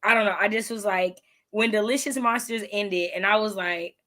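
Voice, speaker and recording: A woman hosting a casual book discussion, animated and laughing as she acts out her own reactions. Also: medium pitch, moderate pace. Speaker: readathon host. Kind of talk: casual video-call book chat.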